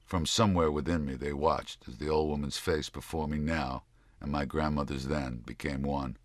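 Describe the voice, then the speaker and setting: A man narrating an audiobook memoir in a slow, measured, somber reading style on a close studio mic. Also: rumbling low, fairly even intonation, dry recording.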